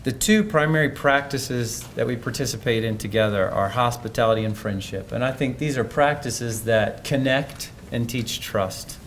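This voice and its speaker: A man's voice: medium pitch, normal speed, few pauses, slight background noise. A man giving a conference presentation in a conversational, thoughtful way, often restarting his sentences. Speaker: speaker.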